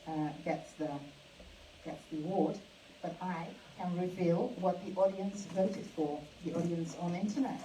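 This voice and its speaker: A woman hosting a live awards ceremony. She speaks haltingly, with many fillers and restarts. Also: on the low side, mellow, slight background noise. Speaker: awards host. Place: event hall. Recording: echoey hall, mic from a distance.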